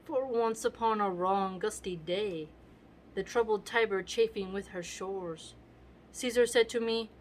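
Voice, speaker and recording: Woman reading a jealous roman noble from a play, slow careful recitation, mid pitch. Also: a little hiss or hum, close to an everyday voice, rough recording. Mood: resentful. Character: scheming envious Roman nobleman.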